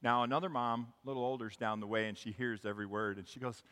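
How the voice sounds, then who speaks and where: Bright-voiced pastor in a reverberant church. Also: male voice, medium pitch, fairly even intonation, fast. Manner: conversational, upbeat, tells jokes and stories. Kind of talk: sermon. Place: church sanctuary. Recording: long hall reverb.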